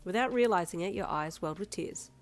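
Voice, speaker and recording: A woman narrating a second-person fanfiction story in a steady reading voice. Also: fairly low pitch, a little fast. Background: soft instrumental music.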